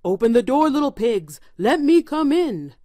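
A woman voicing a big bad male wolf in a storybook, drawing out slow threats. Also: fairly high pitch, sing-song, fairly bright tone, dry recording, clean studio sound, full character voice. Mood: blustering.

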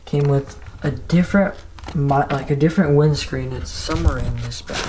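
A young man chatting casually and excitedly for his vlog, rambling with lots of "like". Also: a little high, moderate pace. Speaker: vlogger. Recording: background noise.

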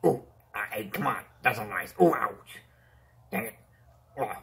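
A man's voice: medium pitch, sing-song, measured pace, creaky, a bit bright, full character voice. A man voicing a boastful, whiny male clown villain in a toy-figure fan play, pleading and taunting by turns and yelping in pain.

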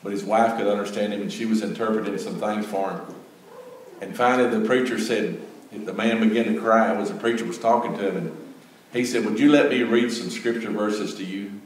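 Older guy, low voice, folksy church story, echoey room, mic kinda far. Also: steady tone, fairly quick, a little hiss or hum. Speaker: Gideons speaker. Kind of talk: church testimony. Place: church sanctuary.

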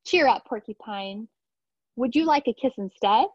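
A woman voicing a kind, cheerful male armadillo from a storybook, speaking in a gentle, reassuring way. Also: fairly high pitch, animated, normal speed, husky, no room sound, lo-fi sound.

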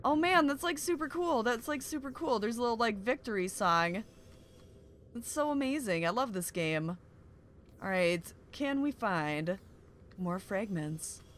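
A young woman hosting a game playthrough, commenting excitedly and often gasping "oh my gosh" at what she finds. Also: a little high, a little slow, a little hiss or hum. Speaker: gaming video host. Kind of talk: excited let's-play commentary.

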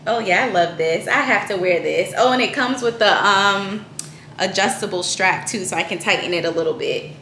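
A woman's voice: mid-range voice, normal speed, pushed and bright, echoey room, a little hiss or hum. A young woman chatting casually to camera in a home vlog, playful and full of slang. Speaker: vlogger. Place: at home, indoors.

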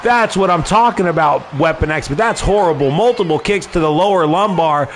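A man giving excited play-by-play commentary on a wrestling video game, often shouting exclamations. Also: fairly high pitch, fairly quick, a little hiss or hum.

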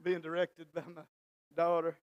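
A male pastor preaching a sermon in a church, swinging from quiet asides to shouted exhortation and acting out Bible scenes in folksy dialogue. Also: a little high, completely flat delivery, normal speed, lo-fi sound.

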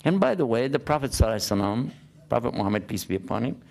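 Gravelly older American preacher. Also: male voice, medium pitch, racing. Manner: animated storytelling with rhetorical questions. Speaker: Islamic preacher. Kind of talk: conversational sermon.

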